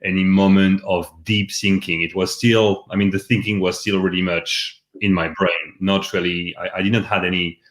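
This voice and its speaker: A man's voice: low-pitched, level tone, moderate pace, hardly any pauses, roomy sound. A man from France with a French accent, a guest talking candidly and animatedly in a casual live chat.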